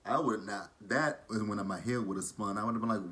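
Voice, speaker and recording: A man's voice: on the low side, quick pace, hardly any pauses, fairly bright tone. A man from Texas with a southern drawl, gossiping casually as he recaps a reality show. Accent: Texan. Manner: chatty, gossipy, shady asides.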